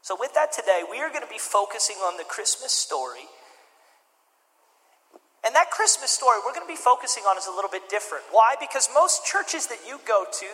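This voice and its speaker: A man's voice: sits high, sharp tone, in a large hall, poor audio. A male pastor in his thirties preaching a sermon in a loose, conversational, joking storytelling way.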